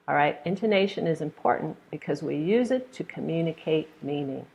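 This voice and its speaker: American woman teaching pronunciation online, low gravelly voice, patient, demos each example. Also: animated, brisk, a little mellow. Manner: patient, demonstrates intonation by example. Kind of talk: live online lesson. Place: hot room.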